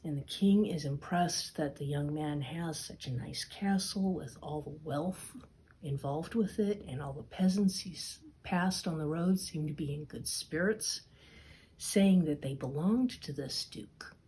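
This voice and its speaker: A woman storyteller telling a fairy tale aloud, expressive and dipping into whispers. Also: low voice, slight background noise. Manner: slow, expressive, dips into whispers. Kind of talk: storytime narration.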